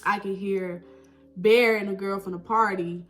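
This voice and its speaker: A young woman telling a personal story in a chatty, animated way, full of "like" and "right?". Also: mid-range voice, normal speed, soft background music, rough recording. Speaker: vlogger. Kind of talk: casual storytime.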